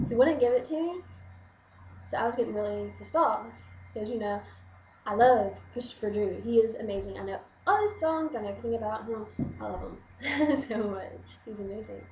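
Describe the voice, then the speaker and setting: A woman's voice: a little high, brisk, a little hiss or hum. Gushing young woman, roomy lo-fi sound. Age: young adult. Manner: excited, rambling, gushing, lots of "like". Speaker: vlogger. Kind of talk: casual storytelling to camera.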